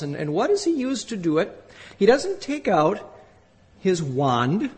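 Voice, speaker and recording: A man preaching a sermon as a pastor, emphatic and rising to loud exclamations. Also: high voice, big pitch swings, unhurried, husky. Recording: echoey hall from a distance.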